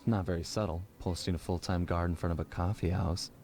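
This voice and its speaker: A man's voice: low voice, steady tone, brisk, darkish tone. An actor voicing a suave adult male raccoon master thief in a game, talking in a cool, confident, wry way. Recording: game audio with faint music.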